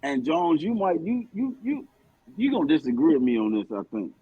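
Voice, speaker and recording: Husky man arguing bluntly on a podcast. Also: fairly high pitch, very animated, fairly quick, no room sound, phone-quality sound. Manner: blunt, emphatic, heavy profanity. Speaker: podcast co-host. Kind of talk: heated casual debate.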